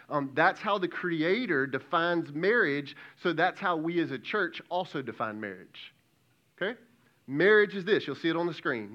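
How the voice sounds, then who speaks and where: A man's voice: on the high side, pushed and bright, highs cut off. A man in his thirties preaching a sermon as pastor, passionate and folksy, calling out to the congregation.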